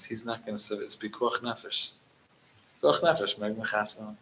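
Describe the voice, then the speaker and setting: A man speaking as a rabbi at a gathering, telling a story and mixing Yiddish into his English, animated when he quotes. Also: fairly low pitch, moderate pace, slight background noise, rough recording.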